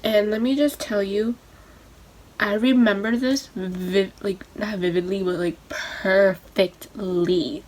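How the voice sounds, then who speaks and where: A young woman telling a rambling, excitable story while doing her makeup for a vlog. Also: mid-range voice, slow. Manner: rambling, excitable, lots of fillers. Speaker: beauty vlogger.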